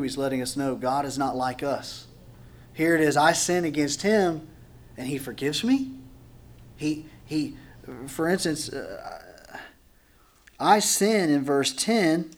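A man preaching as a pastor in a church, teaching through a Bible passage in a conversational way, acting out voices and joking with the congregation. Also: a little high. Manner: animated, acts out dialogue, jokes with the congregation.

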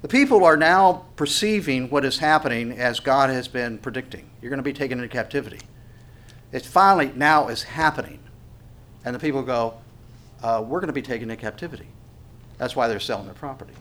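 A man preaching a sermon, reading scripture aloud with rising force and dropping low for asides to the congregation. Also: a little fast, fairly bright tone. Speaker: pastor.

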